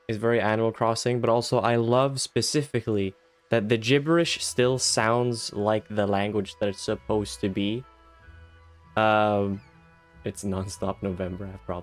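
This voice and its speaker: A young man streaming a video game live, talking in a goofy, rambling way that keeps interrupting itself. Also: lowish voice.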